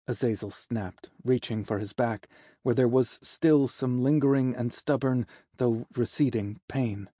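A man narrating a fantasy story in a measured, descriptive way. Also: mid-range voice, warm tone, no room sound, clean studio sound. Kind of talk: audiobook narration.

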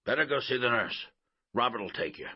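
A man doing a loud blunt school coach. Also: mid-range voice, expressive, normal speed, breathy edge, dull audio, pitched above the performer's own voice. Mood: brisk. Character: brusque middle-aged male school coach.

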